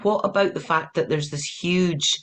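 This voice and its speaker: A woman's voice: lowish voice, moderate pace. A woman from Europe on a panel discussion, wry and joking, laughing as she talks over a video call. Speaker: panelist, mystery writer.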